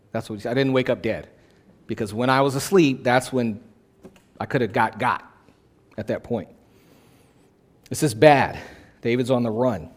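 Emphatic male pastor preaching a sermon. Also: medium pitch. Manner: emphatic, repeats key phrases for effect; conversational, plain-spoken preaching.

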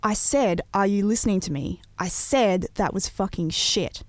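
A woman's voice: mid-range voice, normal speed, no echo, lightly acted. A woman voicing a drunk, hostile young man who snarls and barks taunts. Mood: aggressive. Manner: barking, belligerent taunts.

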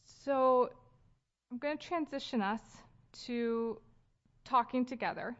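A woman's voice: a little high, slow, a bit bright. A woman in her thirties giving a casual sermon at a church gathering, talking conversationally with fillers and light laughs. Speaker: speaker leading a church gathering. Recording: dull lo-fi sound.

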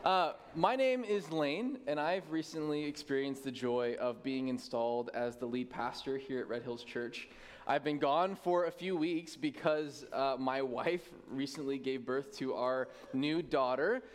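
A man's voice: medium pitch, a little slow. A man in his thirties, a tired lead pastor giving casual, self-deprecating announcements to his church. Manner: chatty, self-deprecating, laughs easily. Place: church sanctuary.

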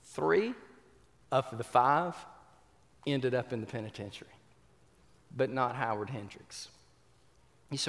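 A man's voice: medium pitch, animated, unhurried, gravelly, pauses often. A man preaching a sermon, telling a story with repeated words and questions to the congregation. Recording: reverberant hall.

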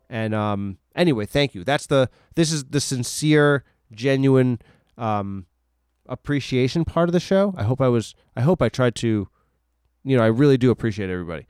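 Alone in a room, a man hosts a podcast, rambling casually and mocking himself with plenty of filler words. His voice is medium-pitched, animated, and a little mellow at a moderate pace, with faint music in the background.

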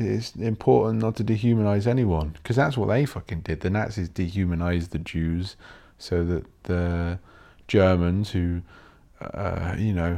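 Low-voiced man ranting casually. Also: vocal fry, warm tone. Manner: swears a lot, rants and mocks posh voices. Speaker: podcast host. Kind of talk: rambling solo podcast monologue.

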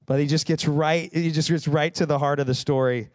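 A man's voice: fairly high pitch, fairly even intonation, brisk, darkish tone, no echo, studio quality. A man in his thirties preaching a sermon in a conversational way, rising to fired-up emphasis. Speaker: pastor.

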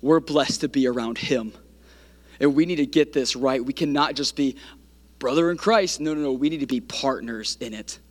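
A man's voice: mid-range voice, normal speed. A man preaching a sermon, building through repeated phrases and climbing to emphatic peaks. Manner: repetitive, rising emphatic preaching cadence.

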